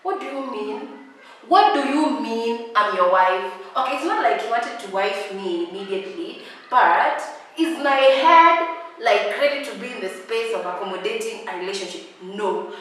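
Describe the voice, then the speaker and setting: A woman's voice: fairly high pitch, animated, moderate pace, fairly bright tone, far from the mic, slight background noise. A young Kenyan woman with a sassy, dramatic, mocking way of talking, ranting through a casual storytime. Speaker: vlogger. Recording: very echoey room, voice off-mic.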